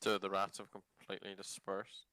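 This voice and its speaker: Low-voiced man swearing at the table. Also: completely flat delivery, normal speed, sharp tone. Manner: blunt, swears freely, thinks aloud. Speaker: player. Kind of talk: casual tabletop chat.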